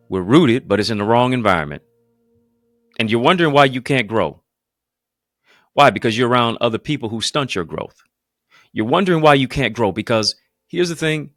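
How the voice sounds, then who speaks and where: A man's voice: low-pitched, a bit bright, no room sound. A man preaching as a pastor, in an emphatic, repetitive cadence full of rhetorical questions. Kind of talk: motivational preaching.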